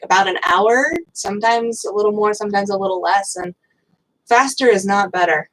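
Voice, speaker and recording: A woman who is a guest expert on birth, explaining things calmly and matter-of-factly in a casual talk. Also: mid-range voice, brisk, rough recording. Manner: calm, explanatory, matter-of-fact.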